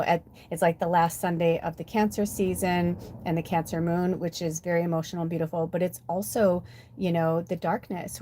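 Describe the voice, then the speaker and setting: Speaking at a fairly low pitch with a darkish tone, this U.S. spiritual medium in her fifties reads oracle cards and tells casual stories on her livestream. Her manner is warm, talkative and meandering.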